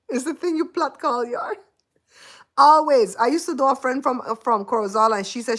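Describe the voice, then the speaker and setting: A woman's voice: a little high, normal speed, fairly bright tone. A Belizean woman hosting a casual livestream chat, laughing often and teasing her viewers. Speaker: host.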